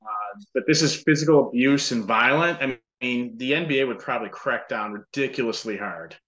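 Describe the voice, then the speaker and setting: Bright-voiced male podcast guest. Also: medium pitch, normal speed, low-quality recording. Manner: brief dry replies, short agreements. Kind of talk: casual sports chat.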